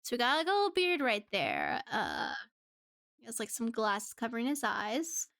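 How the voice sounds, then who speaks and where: A woman's voice: on the high side, huge pitch swings, moderate pace, creaky, a bit bright, dry recording, studio quality. A woman streaming live in casual chat, giggling often and rambling with restarts.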